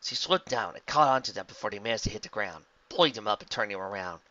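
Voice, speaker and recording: Man reading a story, bright tense voice. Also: fairly low pitch, expressive, fast, dull audio. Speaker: narrator. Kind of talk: reading a fan story aloud.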